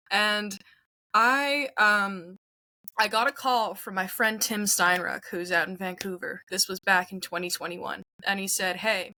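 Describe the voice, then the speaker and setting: A woman's voice: mid-range voice, bright, forceful tone. A young woman in her late teens, a musician guest telling her story in a chatty way with frequent restarts during an interview. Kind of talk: interview conversation.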